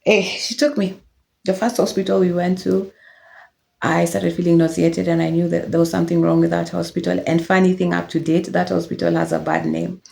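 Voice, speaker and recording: A woman's voice: fairly low pitch, little pitch movement, a little fast, creaky. A young woman, candidly telling her own life story in a reflective, casual way. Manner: reflective, candid, with soft laughs and fillers. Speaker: vlogger sharing personal testimony.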